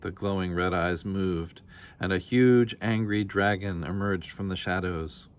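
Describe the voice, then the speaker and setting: Low-voiced man reading a children's story. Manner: calm, measured storytelling. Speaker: storybook reader. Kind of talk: read-aloud children's story narration.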